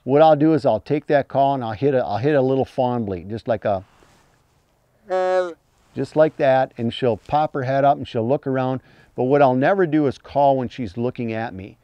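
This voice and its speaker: A man teaching hunting calls in a plain-spoken, folksy way, breaking into high imitated fawn cries as he explains. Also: moderate pace, no echo, lo-fi sound. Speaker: hunting call instructor. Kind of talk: instructional talk.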